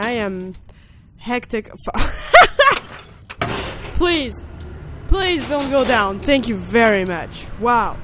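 A woman's voice: on the high side, very animated, takes it slowly, long pauses, background noise. A young woman hosting a horror game let's play, jumpy, yelping and laughing nervously as she plays. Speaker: gaming video host. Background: game music.

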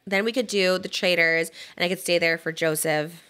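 A woman's voice: fairly low pitch, steady tone, moderate pace, pushed and bright, clean tone. A young woman hosting a podcast, chatting animatedly and casually, full of filler words. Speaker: podcast host. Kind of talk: casual chat.

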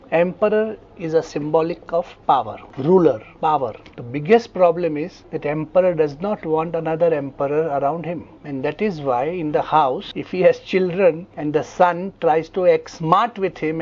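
Man, indian english accent, lecturer, storytelling, checks in with class, slightly high voice, muffled lo-fi sound. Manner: animated storytelling, frequent check-ins with students. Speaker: homeopathy lecturer.

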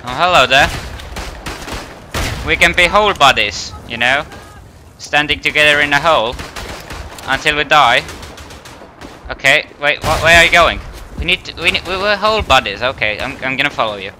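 A man's voice: a little high, animated, moderate pace, long pauses, sharp tone, slight background noise. Guy gaming, swearing nonstop, freaking out, laughing at himself, guns and blasts going off behind him. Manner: panicky, profane, self-mocking. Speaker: gamer. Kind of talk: let's play commentary. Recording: game gunfire and explosions behind voice.

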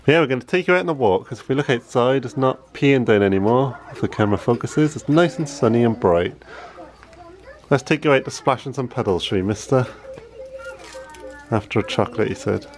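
A young father films a home vlog with his toddler on a handheld camera, chatting casually at a brisk pace in a medium-pitched voice and often slipping into a sing-song tone for his child. The noisy audio moves from a kitchen with humming appliances to outdoors by a canal, with traffic and outdoor sounds.

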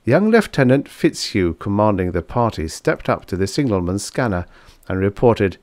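A man narrating a science fiction story for an audiobook in a steady, measured storytelling manner. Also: lowish voice, no echo, studio quality.

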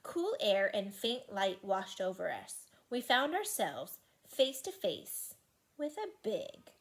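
A woman teacher reading a children's chapter book aloud to her class with expressive storytelling. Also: medium pitch, takes it slowly.

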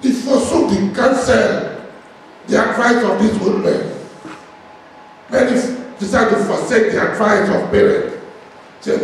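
A man preaching a sermon as pastor, speaking with passion and long pauses between phrases. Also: high-pitched, far from the mic, slight background noise. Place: church hall. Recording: echoey hall, heard from afar.

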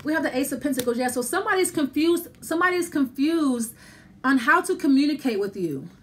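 A woman's voice: sits high, lively intonation, fairly quick, slight background noise. A woman giving a casual tarot reading, thinking aloud as she pulls cards, repeating herself and speaking straight to the listener. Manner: rambling, repetitive, thinking aloud while pulling cards; addresses the listener directly and reassuringly. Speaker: tarot reader.

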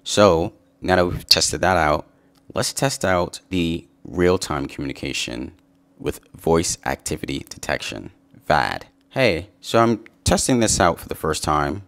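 Brief: deep, gravelly-voiced man, easygoing and upbeat, talking through a coding demo. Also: unhurried. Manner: relaxed, upbeat, says "sweet" and "awesome". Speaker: software developer giving a coding tutorial. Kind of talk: casual screen-share walkthrough.

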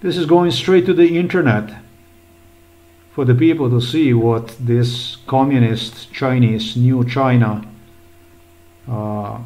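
Agitated rambling man, mid-pitched. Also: slow, long pauses, darkish tone, poor audio. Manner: agitated, rambling, swearing often. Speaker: vlogger. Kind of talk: rambling screen-recorded commentary.

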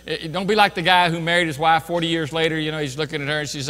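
A man's voice: fairly high pitch, steady tone, very fast, pushed and bright. Older preacher man in a reverberant hall. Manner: earnest preaching with folksy asides. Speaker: pastor. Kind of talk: sermon.

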